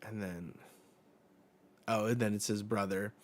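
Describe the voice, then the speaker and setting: Slow, low-voiced blunt male host. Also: steady tone. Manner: blunt and profane; summarizes panels aloud. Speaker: manga reaction host. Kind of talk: live manga chapter reaction.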